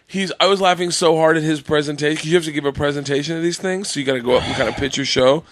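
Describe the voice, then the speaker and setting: A man on a podcast telling stories in casual chat, excitable and profane, often laughing as he talks. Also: a little high, very fast, no echo, clean studio sound. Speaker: podcast guest.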